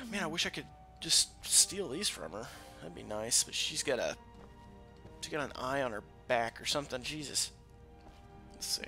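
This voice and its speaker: A man hosting a let's play with casual, crude commentary, swinging between loud excitement and quiet asides. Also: mid-range voice, normal speed, faint music behind. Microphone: desk microphone that peaks. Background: game audio.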